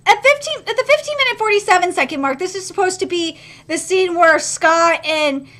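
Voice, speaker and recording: An excitable young woman talks a little fast while reacting live to an anime episode. Profanity comes freely, and she moves abruptly from loud squeals to low, grumbling mutters.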